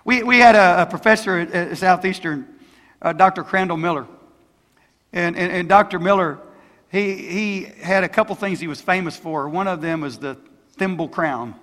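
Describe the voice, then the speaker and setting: An older man in his sixties delivers a sermon from the pulpit, his voice pitched very high and bright with a forceful edge. He speaks emphatically, tossing questions out to the congregation. The sound carries a long church reverb. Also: moderate pace. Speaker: pastor. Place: church sanctuary.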